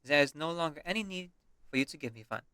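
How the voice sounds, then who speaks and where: A man's voice: fairly high pitch, lively intonation, fast, sharp tone, clean tone, no echo, pitched above the performer's own voice. A man voicing a proud, defiant young noblewoman. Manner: cool, clipped, defiant.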